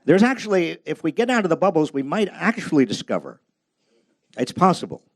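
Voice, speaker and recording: His voice is fairly high and very animated, brisk, and recorded with no room sound. The older man is at a public library event space, telling humorous anecdotes about his book and often making himself the joke.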